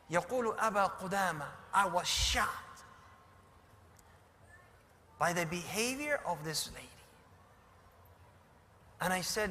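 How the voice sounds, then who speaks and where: High bright-voiced preacher in echoing hall. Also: male voice, animated, normal speed, pauses often, a little hiss or hum. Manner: swings from hushed storytelling to shouted emphasis. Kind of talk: sermon storytelling. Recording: hall reverb.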